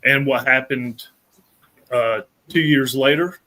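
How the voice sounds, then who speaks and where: A man's voice: medium pitch, slow pace, bright, forceful tone, rough recording. A man and sports fan chatting casually on a podcast, easygoing with frequent restarts. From Maine. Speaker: podcast guest, Clemson fan. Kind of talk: casual chat.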